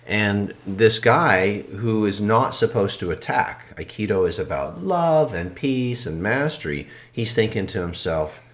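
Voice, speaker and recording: A man co-hosting a podcast, calmly and reflectively telling a story in casual conversation, often trailing off soft and low. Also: a little slow, hardly any pauses. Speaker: podcast co-host.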